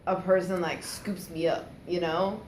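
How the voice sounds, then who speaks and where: A woman's voice: lowish voice, fairly even intonation, measured pace, a little hiss or hum. A woman co-hosting a casual chat, playful and teasing, who laughs a lot. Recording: echoey room with faint ambience.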